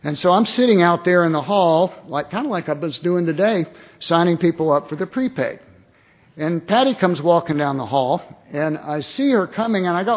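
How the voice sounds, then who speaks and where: A man tells a personal story in a lively way, stopping and restarting and putting on voices for the people he quotes. His voice sits a bit high for a man. The recording is dull and lo-fi. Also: moderate pace. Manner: animated, acts out quoted voices, frequent restarts. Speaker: speaker sharing his recovery story.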